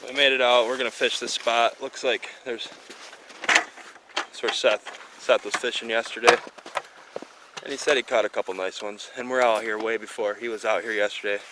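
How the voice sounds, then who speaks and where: A man's voice: medium pitch, steady tone, moderate pace, background noise. A man from Michigan hosting a fishing vlog, talking in an easygoing, chatty way full of fillers, recorded on a camera mic outside by a rural lake. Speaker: fishing show host. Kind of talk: casual outdoor vlog chat.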